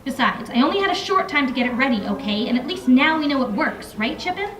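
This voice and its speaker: A woman doing a feisty, sharp-tongued young fairy. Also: sits high, expressive, quick pace, a little hiss or hum. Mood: snappish. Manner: defiant, snappish. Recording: echoey room, mic from far off.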